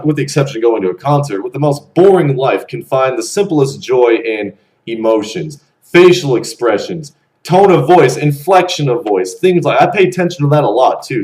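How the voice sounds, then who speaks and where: A young man around twenty ranting bluntly to camera, animated and swearing freely. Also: mid-range voice, a little fast, low-quality recording. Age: young adult. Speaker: vlogger. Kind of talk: casual rant to camera.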